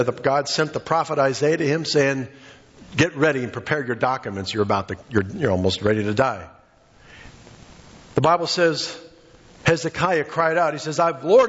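Male preacher, passionate sermon delivery, slightly high pitch, dull lo-fi recording. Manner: impassioned, acts out quoted voices.

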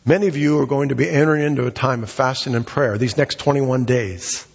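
A middle-aged male pastor preaching a sermon, swinging between high, emphatic calls and low, quiet asides. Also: brisk, gravelly, husky. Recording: dull sound with long hall reverb.

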